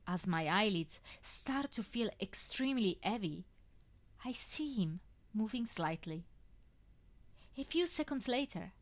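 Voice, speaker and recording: Woman reading a first-person story. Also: lowish voice. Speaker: fanfiction reader.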